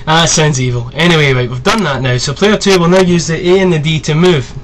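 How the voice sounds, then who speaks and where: A man in his twenties giving a casual, rambling tutorial, chatty and quick to swear. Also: a little high, a bit bright, a little hiss or hum. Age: 20s. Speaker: video tutorial host. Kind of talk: casual screen-recorded tutorial.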